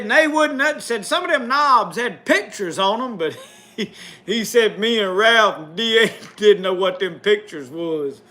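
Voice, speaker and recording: A man's voice: very high-pitched, bright, forceful tone. A man telling a folksy tall tale in rural dialect, chuckling at his own story as he goes.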